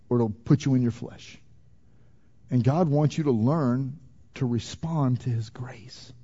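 A male pastor preaching a sermon, moving between loud emphatic stretches and quiet, intimate passages. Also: medium pitch, lo-fi sound.

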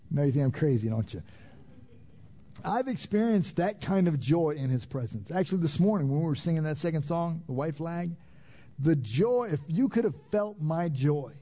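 Male pastor, sermon, fairly high mellow voice, emphatic, repeats himself, questions the congregation, dull lo-fi church recording. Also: husky. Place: church sanctuary.

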